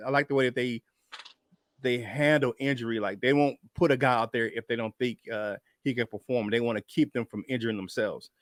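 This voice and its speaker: Excitable male podcast host, dry sound. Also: mid-range voice, a little fast, dry recording. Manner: loose and excitable, laughing between points. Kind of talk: casual sports podcast chat.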